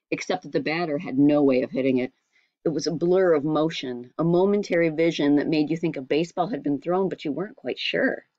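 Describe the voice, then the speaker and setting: Woman reading a chapter book aloud, deep voice, dull lo-fi sound. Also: darkish tone, dry recording. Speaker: audiobook reader. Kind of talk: storybook narration.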